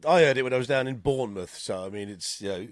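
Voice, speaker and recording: A man's voice: mid-range voice, quick pace, dry recording, studio quality. An English man co-hosting a podcast, chatting casually, laughing often and swearing freely. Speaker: podcast co-host. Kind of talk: casual chat.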